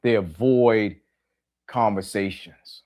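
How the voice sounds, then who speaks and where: A middle-aged man hosts a podcast, talking plainly in a reflective monologue with a lowish, darkish voice at a slow pace. He repeats key phrases for emphasis and puts direct questions to his listeners.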